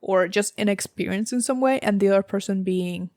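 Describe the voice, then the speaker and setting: A woman's voice: mid-range voice, fairly quick, a little mellow, no echo, studio quality. A young woman with a slight Southern US accent giving a casual, rambling tarot reading, full of fillers and little laughs. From United States. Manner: chatty, rambling, laughs often, many fillers. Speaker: tarot reader.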